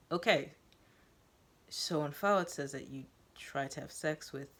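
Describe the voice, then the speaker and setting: A woman narrating a first-person story in a measured, dramatic reading. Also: low voice, a bit bright.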